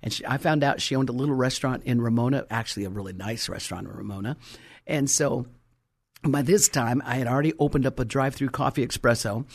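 A middle-aged woman preacher telling a story in a sermon, stressing key words slowly. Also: a bass voice.

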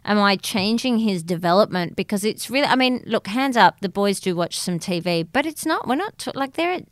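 A woman in her thirties with an Australian accent, co-hosting a podcast in casual, chatty storytelling with animated asides. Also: mid-range voice, fairly quick, dry recording, studio quality. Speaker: podcast co-host. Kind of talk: casual chat.

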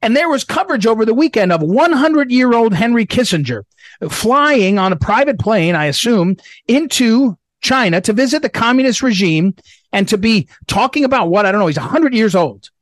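A man's voice: lively intonation, moderate pace, no echo. A middle-aged man hosting a political talk show, speaking emphatically and repeating himself for stress. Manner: emphatic, repetitive, drops low when reading promos. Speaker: radio show host.

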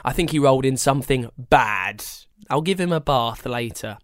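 A storyteller voicing an excitable boy. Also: medium pitch, normal speed, no room sound, clean studio sound, close to an everyday voice. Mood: offhand.

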